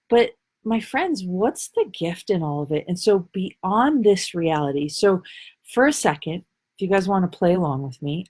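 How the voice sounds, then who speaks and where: A woman's voice: mid-range voice, a little mellow. A woman life coach talking casually on a live stream, answering viewer comments in a playful, bubbly way with frequent laughter and a loose, rambling delivery.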